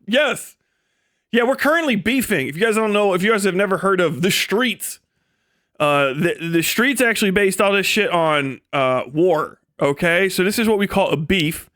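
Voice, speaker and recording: A man's voice: high-pitched, animated, normal speed, a bit bright. A man streamer ranting live, profane and mocking, often breaking into laughter as he riffs and acts out quoted voices. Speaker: livestreamer. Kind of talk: live stream commentary rant.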